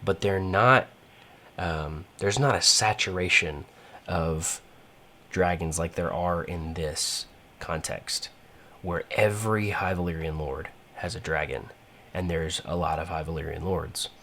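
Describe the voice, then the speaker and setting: A man's voice: low voice, measured pace, pushed and bright, slight background noise. A man giving rambling, casual gameplay commentary, full of fillers and restarts. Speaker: gaming channel host.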